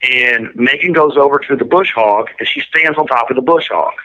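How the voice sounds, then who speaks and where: Over a muffled, lo-fi prison phone line, a man gives an interview and tells a story in a blunt, matter-of-fact, detailed manner. His mid-range voice has a sharp tone and a normal pace.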